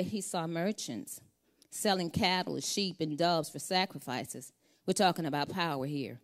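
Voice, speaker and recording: A woman's voice: lowish voice, measured pace. A middle-aged woman preaching a sermon, reading scripture and building to fervent calls for the congregation to repeat after her.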